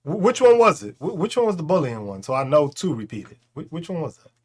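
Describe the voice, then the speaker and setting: A man ranting casually on a livestream, profane and laughing, swinging between loud outbursts and slow, low talk. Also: big pitch swings. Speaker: livestream host.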